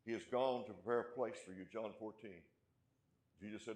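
A man preaching a sermon as pastor, asking his congregation questions and punching key points, then dropping to a hush. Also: on the low side, a little fast, reverberant. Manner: emphatic, rising loud on key points, then dropping quiet; asks the congregation rhetorical questions.

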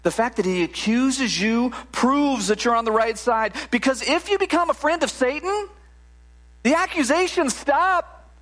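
A male pastor preaches in a lively, conversational way, often restarting his sentences and tossing in quick "right?" asides. His voice sits noticeably high for a man. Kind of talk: sermon.

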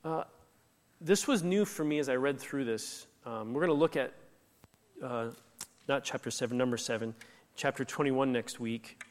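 A man's voice: medium pitch, moderate pace, long pauses. A man preaching a sermon in a conversational, emphatic way, acting out the lines he quotes. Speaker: pastor. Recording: echoey hall reverb.

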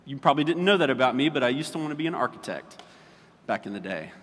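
A man's voice: mid-range voice, very animated, fast talker, fairly bright tone. A man preaching a casual sermon as pastor, chatty and checking in with his listeners often. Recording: long reverb of a large hall.

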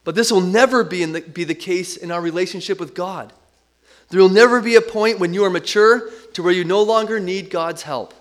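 A man's voice: high voice, a little fast. A middle-aged man preaching a sermon as pastor, earnest and emphatic, leaning on repetition.

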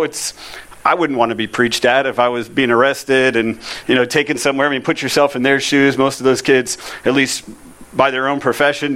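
A man's voice: medium pitch, a bit bright. A man telling a personal ministry story in a casual, conversational way, often saying "you know" and "I mean". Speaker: youth ministry speaker.

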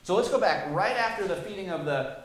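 A man with a fairly high voice delivers a sermon. He reads the scripture aloud and then explains it in a conversational way. His voice rings out in a very echoey room. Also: lively intonation, brisk, fairly bright tone, slight background noise. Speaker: preacher.

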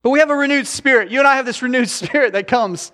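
A man's voice: extremely high pitch, fast talker, bright, forceful tone, big-room sound. A middle-aged man, preaching a conversational sermon with joking asides to his congregation. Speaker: pastor. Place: church sanctuary.

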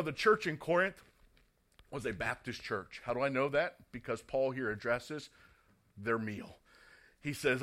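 A man's voice: mid-range voice, a bit bright. A middle-aged man, a pastor, preaching a sermon and telling a humorous story with emphatic asides.

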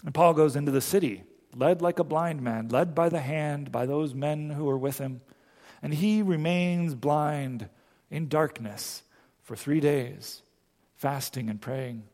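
A male pastor telling a Bible story in a sermon, slowing down and pausing for emphasis. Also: fairly high pitch, a little mellow, in a large hall. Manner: storytelling, with slow emphatic pauses.

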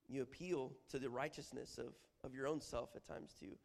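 A man giving a lively, humorous church teaching, acting out prayers as he explains them. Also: mid-range voice, fast talker, vocal fry, hardly any pauses. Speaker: Bible teacher. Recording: long hall reverb.

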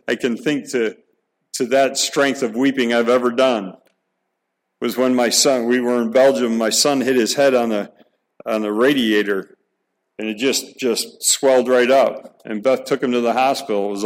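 A man's voice: medium pitch, poor audio. Middle-aged male pastor, mid-range voice, earnest preaching with repeated restarts. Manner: earnest, emphatic preaching with rhetorical questions. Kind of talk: sermon.

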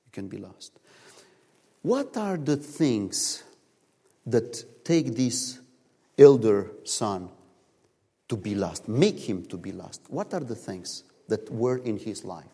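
A man preaching a sermon in a church, telling stories in animated, non-native English, recorded in a reverberant hall. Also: lowish voice, slow pace, pauses often, breathy edge. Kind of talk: sermon with storytelling.

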